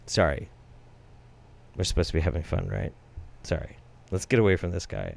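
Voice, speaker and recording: A man hosting a profane reaction commentary show, swearing heavily and swinging between shouted rants and quiet asides. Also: low-pitched, normal speed, creaky, long pauses. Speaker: host.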